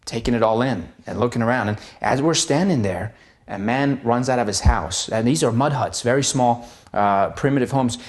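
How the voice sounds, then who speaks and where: A chiropractor telling a personal story, earnest and vivid, in the present tense, with frequent pauses and fillers. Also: male voice, mid-range voice.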